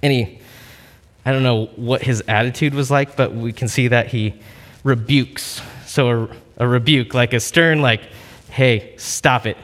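A man's voice: medium pitch, fairly even intonation, normal speed, fairly bright tone, long reverb tail. A man preaching a casual sermon, telling a story in a chatty, conversational way full of fillers.

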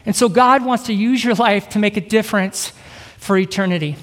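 A middle-aged man with a high voice, an evangelist giving an energetic sermon and keeping a live audience engaged. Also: a little fast. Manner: upbeat, keeps asking the crowd "right?". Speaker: evangelist preacher. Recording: reverberant hall.

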